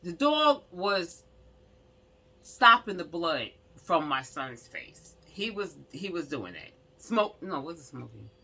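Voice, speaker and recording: A woman's voice: fairly low pitch, very animated, slow, sharp tone, husky. A woman casually telling a personal story to her viewers, emphatic and rambling, with many asides to the audience.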